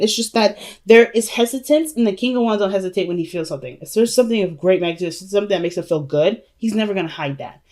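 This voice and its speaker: A woman's voice: medium pitch, darkish tone. A woman giving a casual tarot reading to her viewers, chatty and emphatic, calling them family and y'all. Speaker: tarot reader.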